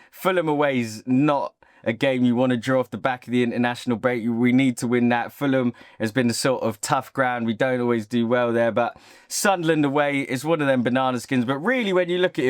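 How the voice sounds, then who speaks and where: A man's voice: medium pitch, smooth, no echo, clean studio sound. A man hosting his own football channel, giving an opinionated, casual reaction monologue. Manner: opinionated, talks straight to camera.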